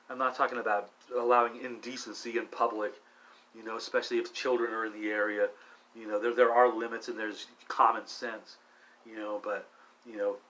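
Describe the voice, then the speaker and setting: A middle-aged man vlogging alone while high, rambling with many restarts and frequent swearing. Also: fairly bright tone, rough recording. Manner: meandering, profane, restless restarts. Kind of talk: rambling solo monologue.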